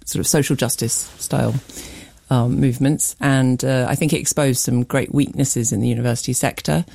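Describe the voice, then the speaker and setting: A middle-aged woman, a writer and commentator, answering interview questions in a radio studio in a measured, hesitant way with many fillers. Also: extremely low pitch, steady tone, creaky, mellow, no echo. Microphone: studio microphone.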